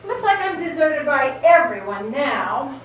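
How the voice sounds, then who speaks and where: A prim, exasperated wife, played by a woman on stage speaks slowly and indignantly, in a high, lively voice. The sound is very echoey and distant, dull, with clear noise. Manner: prim, indignant, slow and deliberate. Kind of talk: amateur stage play.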